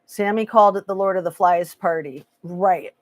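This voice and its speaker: A woman's voice: on the low side, normal speed, no echo. A woman hosting a casual true crime live stream, sarcastic and opinionated, reading chat aloud. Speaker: true crime commentary host.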